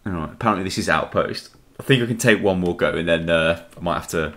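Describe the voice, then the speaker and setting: A man's voice: low voice, quick pace, fairly bright tone, soft background music. A young man giving sweary, grumbling commentary over his own gameplay. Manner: grumbling, swearing, laughing at the game. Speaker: gaming channel host.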